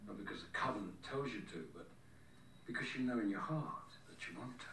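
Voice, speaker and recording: A man's voice: mid-range voice, lively intonation, brisk, fairly bright tone, slight background noise, natural voice. An actor playing an earnest male self-help guru who explains patiently in film dialogue. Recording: film audio, roomy and distant.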